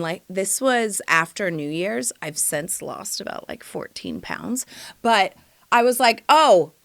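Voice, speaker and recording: Sassy, animated woman telling a story. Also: medium pitch. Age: 40s. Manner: sassy, animated, says "honey" and "girl". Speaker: podcast host; mother and choreographer. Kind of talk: comic storytelling monologue.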